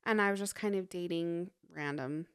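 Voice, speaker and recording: A woman's voice: moderate pace, smooth. A young woman from Utah, a podcast guest, telling her story in casual chat and acting out the dialogue. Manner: animated storytelling, acting out dialogue in a raised pitch.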